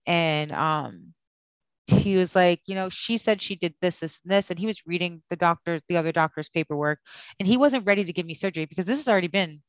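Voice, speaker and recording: A woman's voice: lowish voice, fairly quick, clean tone, no room sound, lo-fi sound. A woman guest telling her story in a candid, conversational way. She speaks bluntly, swears freely and acts out the lines of the people in her story.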